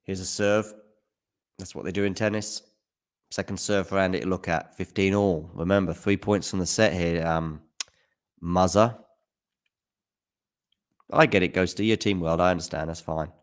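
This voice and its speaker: A man with a fairly low voice calls a tennis match live on a stream in a loose, casual way. He talks back to viewers from the chat between points and jumps up loud at the big shots. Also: moderate pace. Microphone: handheld mic at times.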